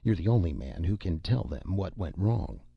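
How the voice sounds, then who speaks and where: Blunt male university president in an audiobook, husky low voice from the narrator, dull lo-fi sound. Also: very animated, normal speed, dry recording, heavily acted. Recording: dull lo-fi recording.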